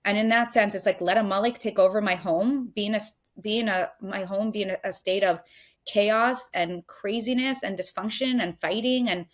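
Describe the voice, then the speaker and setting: A middle-aged woman speaks in a mid-pitched voice, earnest and emphatic as she shares teachings. She circles back with repeated phrases and slips into the voices of her own fears. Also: lively intonation, normal speed. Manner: earnest, repetitive, emphatic, acts out inner voices. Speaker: podcast guest, Jewish teacher. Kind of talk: heartfelt conversational teaching.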